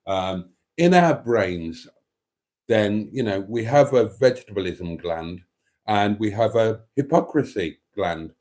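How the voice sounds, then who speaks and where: A man hosting a live stream in a deadpan, mock-pompous way, rambling with many fillers as he reads out viewer comments. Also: lowish voice, slow pace.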